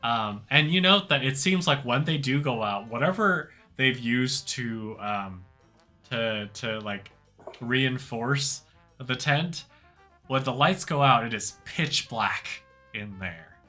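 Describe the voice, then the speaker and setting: A male game master narrating an improvised tabletop game in a loose, filler-heavy way. He talks slowly with a bright, forward tone. Faint music plays behind him. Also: medium pitch. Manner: loose, relaxed, lots of fillers.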